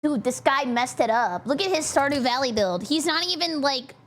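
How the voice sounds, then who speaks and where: A woman's voice: high-pitched, expressive, normal speed, a little hiss or hum. A young adult woman streamer giving giggly, joking commentary while reacting to a video. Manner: bubbly, giggly, jokey asides.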